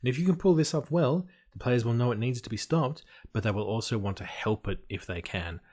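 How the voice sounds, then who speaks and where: A man's voice: medium pitch, brisk, a little mellow, breathy edge. A man giving an explanatory talk on tabletop game design, emphatic and dry, with playful asides.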